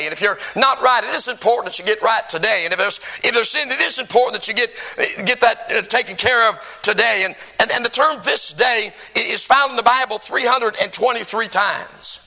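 A man's voice: very high-pitched, brisk, hardly any pauses, bright, forceful tone, poor audio. A man preaching a sermon as pastor, stressing and repeating key phrases.

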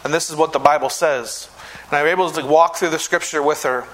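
A male pastor preaching a sermon, telling a testimony earnestly and slowing down to stress key phrases. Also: fairly high pitch, steady tone, a bit bright, a little hiss or hum, rough recording. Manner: earnest storytelling, preaching with slowed emphatic phrases.

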